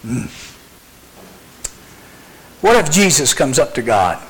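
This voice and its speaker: A man's voice: mid-range voice, big pitch swings, slow, fairly bright tone, rough recording. A man preaching a youth sermon, acting out scenes as a live demonstration and asking rhetorical questions. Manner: dramatic storytelling with rhetorical questions. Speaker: youth speaker.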